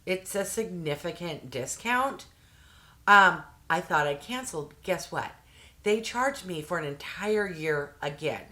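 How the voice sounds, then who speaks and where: A woman's voice: lowish voice, lively intonation, a little slow, pushed and bright. A woman talks straight to the camera in a casual unboxing vlog about beauty products. She rants with heated exasperation, and her talk is loose and chatty with plenty of fillers. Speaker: beauty box reviewer.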